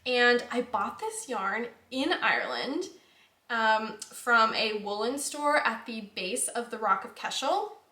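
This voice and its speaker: A young woman hosts her knitting vlog in a loose, chatty way, trailing off and circling back with plenty of likes and ums. Her voice sits a little high, and the room around her rings with a noticeable echo. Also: sing-song, takes it slowly, bright, forceful tone. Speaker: knitting podcast host. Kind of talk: casual chat. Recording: echoey room.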